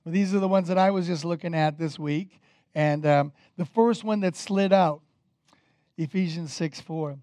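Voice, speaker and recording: Male pastor, sermon, high-pitched, conversational, energetic, dry close sound. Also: moderate pace, no room sound. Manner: energetic, conversational preaching with fillers.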